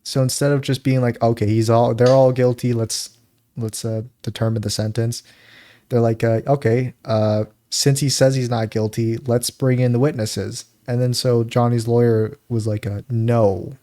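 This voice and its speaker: A man's voice: medium pitch, flat delivery, moderate pace, warm tone. A man co-hosting a podcast, telling a story in rambling casual chat, often stopping to act out what people said. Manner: rambling, laughs often, acts out quotes. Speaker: podcast co-host.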